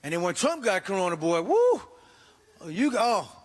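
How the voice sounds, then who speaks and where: A middle-aged man doing an animated stand-up comedy set, exclaiming and acting out voices. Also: sits high, normal speed, in a large hall. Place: church comedy stage.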